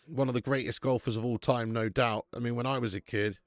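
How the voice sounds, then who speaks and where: A man's voice: medium pitch, fairly even intonation, brisk, no room sound, clean studio sound. A man hosting a live football watch-along, swearing and laughing as he bants with viewers in the chat.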